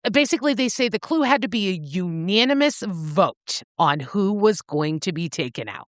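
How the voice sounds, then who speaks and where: A woman's voice: mid-range voice, normal speed, no echo, studio quality. A woman co-hosting a book podcast, recapping a novel in casual chat, swearing freely as she goes. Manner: animated, swears freely, acts out characters' lines.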